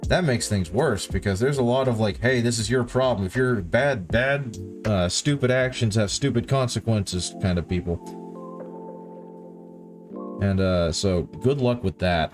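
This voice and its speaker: A man's voice: fairly low pitch, moderate pace, soft background music. A man chatting casually with stream viewers while painting, rambling and correcting himself, sounding tired. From countryside upbringing. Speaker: livestream host painting miniatures.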